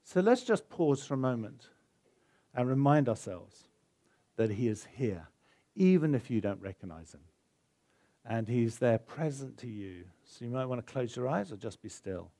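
A man's voice: mid-range voice, big pitch swings, normal speed, warm tone, dry recording. A man preaching a sermon, telling a story with feeling and building to an urgent call to faith before leading a prayer. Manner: storytelling, building to emotional exhortation. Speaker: pastor.

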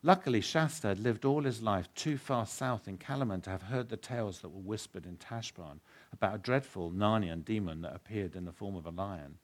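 Pastor guy, lowish voice, reading a story out in his sermon, earnest and steady. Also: fairly quick. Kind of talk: sermon with a read-aloud story.

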